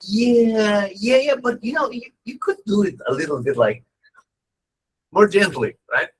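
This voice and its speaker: A man's voice: high-pitched, expressive, unhurried, breathy edge, pitched above the performer's own voice, full character voice, low-quality recording. A man voicing timid, pleading students. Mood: sheepish pleading. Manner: hesitant, apologetic, rambling.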